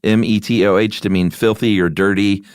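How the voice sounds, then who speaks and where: Man, very deep voice, podcast co-host, casual chat, self-mocking humor, dry close sound. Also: fairly even intonation, normal speed, clear, resonant tone, dry recording. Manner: joking, self-deprecating, slips into silly voices.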